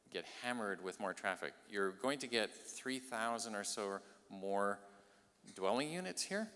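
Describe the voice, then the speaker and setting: A man's voice: fairly low pitch, pushed and bright. A man presenting a town plan at a public meeting, explaining patiently with fillers and restarts. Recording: long reverb of a public hall.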